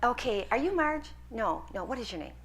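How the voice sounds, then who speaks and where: A woman's voice: fairly high pitch, big pitch swings, brisk, fairly bright tone. A woman lecturer taking questions from a hall audience, earnest and encouraging as she answers. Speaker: guest lecturer.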